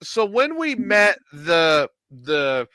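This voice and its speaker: Middle-aged male host, animated storyteller, high bright voice, dry close sound. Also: very slow, no echo. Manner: animated storyteller acting out quotes. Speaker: podcast host telling a story. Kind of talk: casual storytelling chat.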